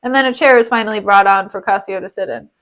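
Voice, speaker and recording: A woman's voice: medium pitch, quick pace, a bit bright. A woman streamer chatting playfully as she reads a play aloud, retelling scenes in slang. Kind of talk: casual chat and read-aloud.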